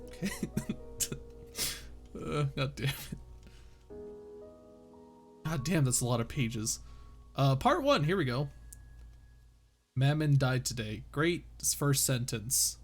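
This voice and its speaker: A man's voice: medium pitch, fairly even intonation, takes it slowly, pauses often, faint music behind. A man streaming casually, reading a novel aloud to chat while joking, swearing and laughing between lines. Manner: joking, swears freely, lots of laughing asides.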